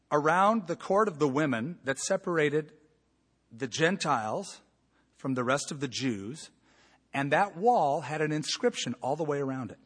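A man preaching a sermon as a pastor, emphatic, moving between loud points and hushed asides. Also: fairly high pitch, husky. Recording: long reverb of a large hall.

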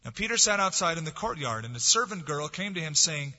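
A man preaching a sermon, swinging from forceful, dramatic lines to soft, hushed ones. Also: a little high, animated, brisk, hardly any pauses. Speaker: pastor. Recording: dull lo-fi sound with long hall reverb.

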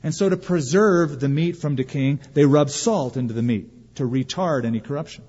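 A man delivers a sermon with emphasis, pausing and asking rhetorical questions. His voice sits a little high and sounds husky. It rings with a long reverb, as in a big church hall. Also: darkish tone, highs cut off. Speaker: pastor.

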